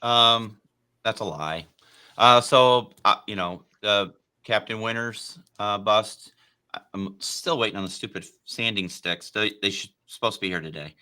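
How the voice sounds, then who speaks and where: Bright deep-voiced man chatting. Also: measured pace, clean tone. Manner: rambling, animated, lots of fillers. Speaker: podcast host. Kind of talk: casual podcast chat.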